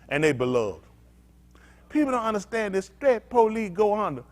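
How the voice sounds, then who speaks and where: Man, pastor, blunt sermon teaching, call-and-response, high voice, very animated pitch. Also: moderate pace. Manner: emphatic, swinging between loud outbursts and low muttered asides; blunt, street-talking preacher.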